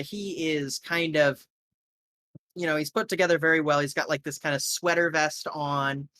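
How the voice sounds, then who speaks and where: A man's voice: on the high side, sharp tone, no echo. A man narrating a tabletop game as game master, rambling casually with lots of fillers.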